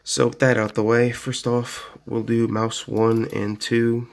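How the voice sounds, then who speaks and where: A man's voice: mid-range voice, level tone, a little slow, creaky. A man giving a casual, rambling product review at his home desk, full of fillers and "so yeah", recorded on a phone camera. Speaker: gaming gear reviewer.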